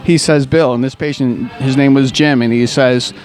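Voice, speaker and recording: A physical therapist talks in a casual, conversational interview, telling stories about his patients in a rambling, warm way with many restarts and fillers. His mid-range voice holds a steady tone at a moderate pace, with soft music playing in the background.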